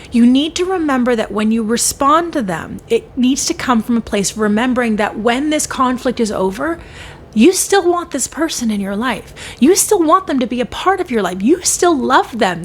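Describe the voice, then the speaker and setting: A woman's voice: sits high, a little hiss or hum. A woman hosting her own podcast, talking earnestly about conflict and healing and acting out the replies she suggests. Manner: earnest, coaching, acts out quoted replies in shifting tones. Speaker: podcast host. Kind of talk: solo podcast talk on healing.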